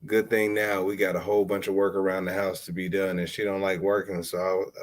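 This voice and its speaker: A man's voice: sits low, level tone, brisk, hardly any pauses. A man hosting his own podcast, telling stories in a loose, playful, slangy way. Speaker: podcast host. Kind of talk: casual solo podcast monologue.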